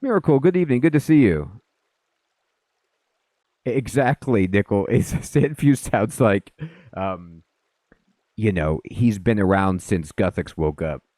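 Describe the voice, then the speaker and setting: Chatty low-voiced man streaming a game. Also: lively intonation, unhurried, pauses often, warm tone, no echo, studio quality. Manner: chatty, greets viewers mid-sentence, rambling asides. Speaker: let's play streamer. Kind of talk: casual live game commentary.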